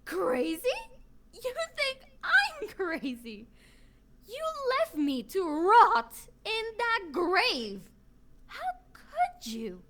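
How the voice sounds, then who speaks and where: A woman's voice: extremely high pitch, huge pitch swings, slight background noise, pitched above the performer's own voice, exaggerated voice. An anguished betrayed woman. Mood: anguished accusing. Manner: slow, loud, accusing delivery breaking toward tears. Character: betrayed woman left for dead, bitter and anguished. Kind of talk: voice acting practice read.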